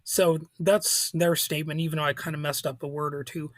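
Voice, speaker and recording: A male podcast host talking through political news in a casual, halting way, with frequent restarts. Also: on the high side, level tone, no room sound. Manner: informal, halting, with restarts and soft laughs.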